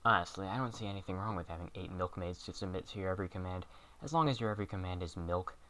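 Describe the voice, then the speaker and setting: A man delivering scripted comedic narration in a sarcastic, deadpan way with quick asides. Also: deep voice. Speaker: comedy video host.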